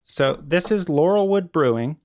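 A middle-aged man co-hosting a podcast in casual chat, blunt and animated, swearing offhand. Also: a little high, normal speed, no echo, studio quality. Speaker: podcast co-host.

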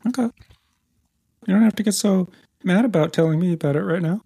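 A man's voice: high voice, a little fast, gravelly, dark tone, slightly rough, no echo, clean studio sound. A man co-hosting a podcast in casual chat, teasing his friend and rambling playfully as he talks. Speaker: podcast co-host.

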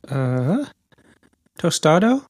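A man's voice: fairly high pitch, very animated, extremely slow, darkish tone, no room sound, clean studio sound. A man co-hosting a podcast in casual chat, teasing his friend and rambling playfully as he talks. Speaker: podcast co-host.

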